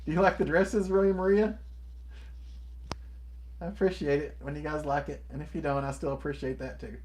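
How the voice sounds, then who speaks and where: A man's voice: fairly high pitch, fairly even intonation, moderate pace, a little mellow. Male live stream co-host, friendly and upbeat, reacts to chat comments. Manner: upbeat, reads out and answers viewer comments; enthusiastic, friendly greetings to viewers.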